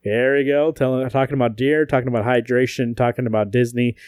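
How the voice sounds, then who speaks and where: A man co-hosts a podcast, speaking fast at medium pitch on a dry recording. In casual chat he jokes, swears, and tells stories with animated energy.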